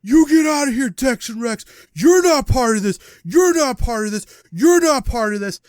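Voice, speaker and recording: A man's voice: animated, normal speed, no room sound, clean studio sound. Een paniekerige worstelscheidsrechter, door een man gespeeld, die hoog en luid schreeuwt. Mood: shouting. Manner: shouting, high-pitched. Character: frantic male wrestling referee, shouting.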